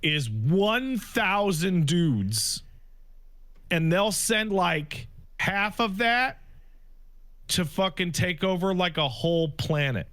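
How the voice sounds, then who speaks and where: A man's voice: high-pitched, lively intonation, a bit bright, no room sound. Man, podcast co-host, casual chat, swears a lot, dry close sound. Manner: swears often, quick asides.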